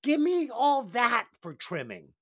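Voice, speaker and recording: A man's voice: extremely high pitch, a little slow, dry recording, studio quality. A man hosting a podcast, telling crude stories with heavy swearing and reviewing an album. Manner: profane, animated storytelling. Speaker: podcast host.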